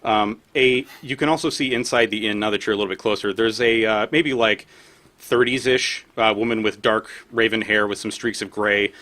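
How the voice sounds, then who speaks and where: A man narrates a tabletop game as game master, halting and full of fillers. His voice is on the low side, with a bright, forward tone. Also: fairly even intonation. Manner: hesitant, many fillers, narrates and voices townsfolk.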